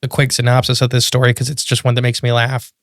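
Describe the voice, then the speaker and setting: Male podcast co-host, mid pitch, animated storyteller, dry close sound. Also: fast, no echo. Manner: animated storyteller, voice jumps up in disbelief. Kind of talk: casual chat, storytelling.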